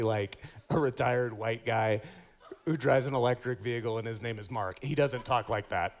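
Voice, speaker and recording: A man's voice: mid-range voice, gravelly. A man preaching a sermon in a playful, self-mocking way, laughing often and putting on voices for stories. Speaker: pastor.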